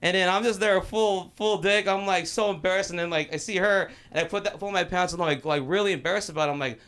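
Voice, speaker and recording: A man's voice: high voice, fast, few pauses, a bit bright, clear, resonant tone. A young man from Los Angeles doing a loose, rambling, profane open mic stand-up set in a small comedy club.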